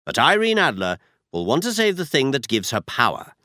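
A man voicing a shrewd, confident male detective who lays out his schemes in crisp, commanding explanations. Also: medium pitch, huge pitch swings, fairly quick, sharp tone, no room sound, studio quality. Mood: plotting.

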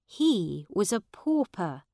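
A woman narrating a simple storybook in a clear, measured way. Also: medium pitch, big pitch swings, mellow, dry recording, studio quality. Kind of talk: slow storybook reading for learners.

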